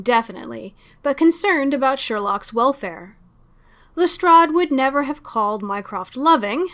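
A woman narrating a story aloud in a steady, expressive storytelling manner. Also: on the high side. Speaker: reader. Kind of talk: audiobook fan fiction reading.

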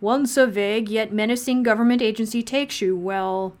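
A woman voicing a gentle male radio host with a smooth, soothing voice and gracious small-town charm. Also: fairly high pitch, steady tone, normal speed, lightly acted.

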